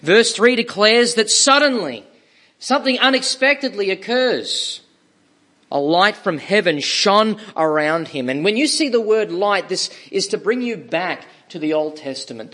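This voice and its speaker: A man preaching a sermon, slow and emphatic, with dramatic pauses and repeated words for stress. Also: high-pitched, lively intonation, sharp tone.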